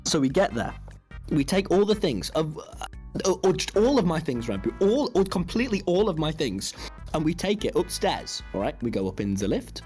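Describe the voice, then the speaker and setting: A man's voice: fairly high pitch, very animated, normal speed, darkish tone, soft background music. A young man telling a story on a livestream, swearing freely and acting out what other people said. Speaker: streamer. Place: sitting in a chair indoors.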